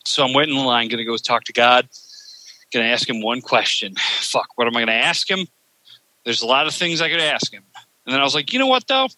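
A man's voice: mid-range voice, brisk, pushed and bright, low-quality recording. A man hosting a podcast, telling a rambling, profane story full of fillers in casual chat. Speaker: podcast host.

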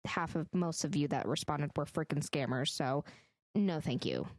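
A woman's voice: low-pitched, normal speed, no room sound. A woman co-hosting a podcast in casual chat, teasing her co-host with playful interjections.

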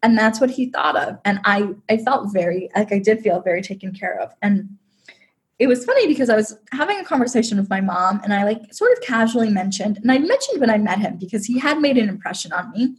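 Speaking briskly in an expressive, medium-pitched voice, a woman guesting on a podcast tells a personal story. She's emotional and talkative, frequently using "like."

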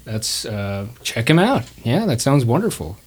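A man's voice: medium pitch, very animated, a little slow, darkish tone, husky. A man hosting a tabletop game podcast, talking in a playful, joking way. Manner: playful, jokey, slips into character voices. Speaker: podcast host and player.

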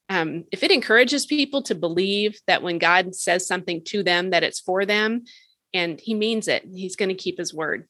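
A woman's voice: mid-range voice, a bit bright, no echo. A woman guest on a faith podcast, an author and speaker, telling her story eagerly and earnestly. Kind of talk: casual faith podcast interview.

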